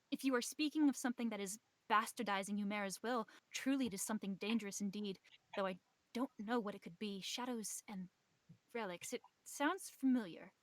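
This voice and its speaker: A kindly old temple mentor rambles fondly through a letter to a former pupil, voiced by a woman who reads it plainly. The delivery is gentle and wistful, close and dry with no room sound. The pitch sits in a middling range. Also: no echo, natural voice. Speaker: game master reading a letter. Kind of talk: narrating a tabletop game.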